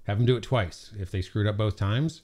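A man co-hosting a local radio show, trading dry, quick-witted banter. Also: on the low side, a little mellow. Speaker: radio co-host. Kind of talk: casual radio chat. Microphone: studio microphone.

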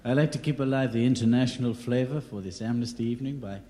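A man's voice: medium pitch, fast, warm tone. A male singer introducing a song on stage, speaking dryly in a put-on French accent.

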